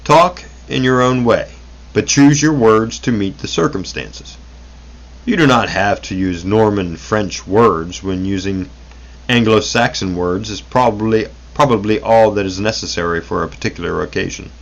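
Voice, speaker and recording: Man reading aloud, slightly deep voice. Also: normal speed, creaky, poor audio. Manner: unrehearsed, stumbles and corrects himself mid-sentence. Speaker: reader of old booklets. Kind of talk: reading a vintage self-help booklet aloud.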